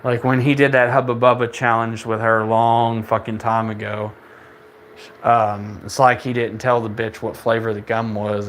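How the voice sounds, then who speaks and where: A young man at middle pitch rants in a casual monologue, heavy with swearing and open contempt. He rambles, stammers and restarts his sentences while his anger builds. His voice sits in an ordinary register, neither deep nor high. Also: level tone, unhurried, a bit bright, a little hiss or hum. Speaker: podcast host.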